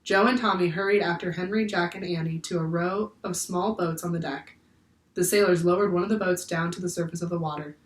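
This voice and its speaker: A woman's voice: on the low side, a little fast. Woman reading a children's book aloud. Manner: clear, steady storytelling. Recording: echoey room, far from the mic.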